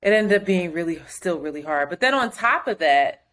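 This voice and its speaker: A woman co-hosting a podcast, telling a story in casual chat, animated and profane, acting out other people's quotes. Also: on the low side, normal speed. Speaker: podcast co-host.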